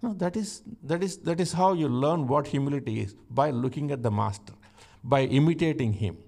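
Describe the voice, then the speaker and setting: A man preaching a sermon, teaching slowly and emphatically from scripture and rising to exclamations. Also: medium pitch, vocal fry, a little mellow.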